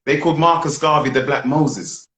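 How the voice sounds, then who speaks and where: A man hosting a live film review chat, speaking in a preachy, animated way. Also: a little high, moderate pace, reverberant, poor audio. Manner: preachy and animated, leads call-and-response chants. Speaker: host.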